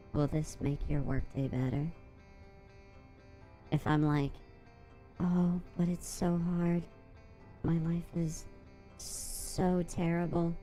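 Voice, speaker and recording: A man's voice: on the high side, warm tone. A man using a voice changer to play a teasing, mock-seductive female streamer persona, drawing out each word. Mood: sultry. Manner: slow, drawn-out, mock-seductive delivery.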